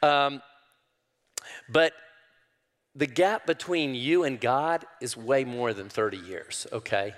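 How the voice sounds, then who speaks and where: An older man preaching a sermon, folksy and calling the crowd y'all, rising loudly when he quotes scripture. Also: medium pitch, slow, pauses often. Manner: preaching with sudden loud rises to quoted scripture. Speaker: pastor. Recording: long hall reverb.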